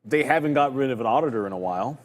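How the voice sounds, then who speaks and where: A man's voice: mid-range voice, expressive, rapid-fire. Joking man talking trades, reverberant room. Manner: loose and joking, lots of fillers. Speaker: co-host of a live trading show. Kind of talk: casual market chat.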